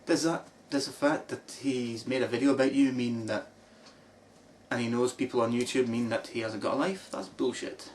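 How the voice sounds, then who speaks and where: A man's voice: medium pitch, steady tone. Sarcastic Scottish man, distant mic. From Scotland. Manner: mocking, sarcastic, drawn-out put-downs. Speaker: video blogger replying to a critic. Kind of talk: sarcastic response video. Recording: distant mic with faint background noise.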